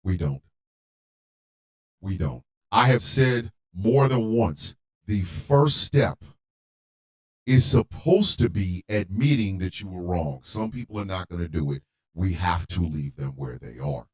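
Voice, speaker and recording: A man hosting a radio show, delivering a heated monologue with emphatic repetition and occasional shouting. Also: low-pitched, animated, a little slow. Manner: emphatic, repeats lines for force; rants, at times shouting.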